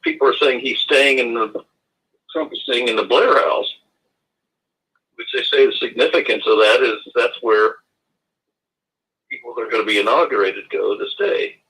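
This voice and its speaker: Husky, bright-toned man on a lo-fi call. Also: mid-range voice. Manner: halting, repeats himself, religious phrasing. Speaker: guest. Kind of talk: casual call-in chat.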